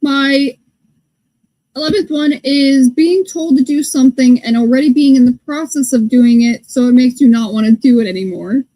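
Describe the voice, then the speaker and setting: A woman's voice: high-pitched, moderate pace, warm tone, rough recording. A woman from the northern United States co-hosting a podcast, chatting casually and telling stories with quoted asides. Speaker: podcast co-host. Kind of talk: casual chat.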